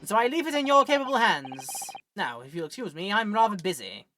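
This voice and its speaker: Woman reading an airy, aloof gentleman detective. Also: mid-range voice, sing-song, fairly quick, slight background noise.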